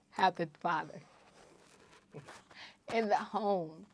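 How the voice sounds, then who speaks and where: A woman hosting her own podcast, preaching emphatically and repeating phrases, moving between loud exhortation and low asides. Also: extremely slow. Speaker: podcast host. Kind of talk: solo podcast monologue.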